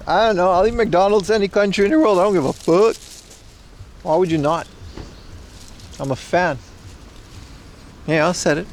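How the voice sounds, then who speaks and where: A man's voice: high-pitched, darkish tone. Blunt, profane young streamer guy. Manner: blunt, profane, bro-ish banter. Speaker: livestream host. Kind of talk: casual live-stream chat. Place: outdoors on a city street. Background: faint street and traffic noise.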